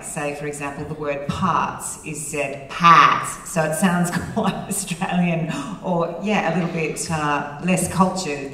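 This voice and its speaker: A woman's voice: low voice, gravelly, pushed and bright, a little hiss or hum. An actress talking eagerly on a theatre panel, explaining her work on a role. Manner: enthusiastic, explanatory. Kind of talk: panel discussion. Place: theatre before a live audience. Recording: theatre reverb, distant mic.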